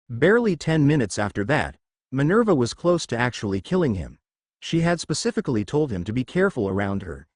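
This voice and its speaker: Animated man reading a story. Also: mid-range voice, dry recording, studio quality. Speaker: narrator. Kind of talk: scripted fan fiction narration.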